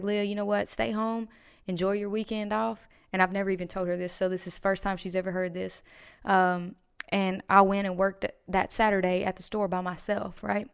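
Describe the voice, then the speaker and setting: A woman's voice: mid-range voice, clean tone. A woman chatting as a podcast guest, telling a personal story in a rambling, emphatic way with many restarts. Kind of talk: casual podcast chat.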